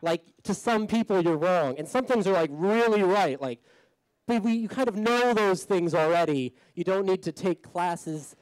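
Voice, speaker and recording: Male comedy emcee, slightly high voice, loose deadpan patter, dry recording. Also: normal speed, no room sound, poor audio. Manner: loose, hesitant, deadpan jokes with filler words. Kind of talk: stand-up emcee banter.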